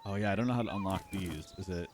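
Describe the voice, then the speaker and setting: A man's voice: sits low, fast talker, darkish tone, a little hiss or hum. A man hosting a live stream, giving casual, playful commentary while playing and talking to his chat. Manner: chatty, playful, talks to chat.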